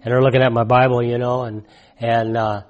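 A man in his sixties preaching in a conversational, emphatic way, repeating his key points and swinging from loud to hushed. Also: mid-range voice, little pitch movement, a little fast, lo-fi sound. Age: 60s. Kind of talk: conversational sermon testimony.

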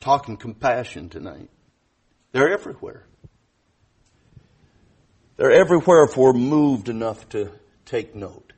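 An older male pastor with a husky, breathy voice preaches in a church. He speaks with earnest storytelling and stumbles into restarts as he goes. His pitch sits in an ordinary middle range for a man. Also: animated, measured pace, long pauses, darkish tone. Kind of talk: sermon.

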